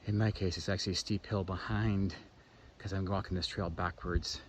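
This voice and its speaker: A man's voice: sits low, flat delivery, normal speed. A man from Canada in casual walking commentary, rambling and chatty as he describes a lakeside trail outdoors into a handheld camera. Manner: rambling, chatty, narrates what he sees while walking. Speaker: hiking vlogger. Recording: dull lo-fi outdoor recording with loud background noise.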